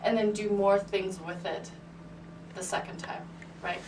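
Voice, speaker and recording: Heavy background noise and piano playing fill the roomy, distant recording of this private music lesson. The teacher, a woman with a steady, mid-range voice and measured pace, stays patient and encouraging, checking in often with "right?" and "okay."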